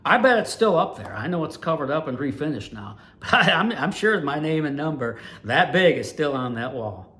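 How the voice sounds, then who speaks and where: A man in his sixties from Ohio, an animated storyteller recalling his years as a race announcer. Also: a little high, moderate pace, few pauses. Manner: animated, lively storyteller with big swings in loudness. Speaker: retired dirt track race announcer, channel host.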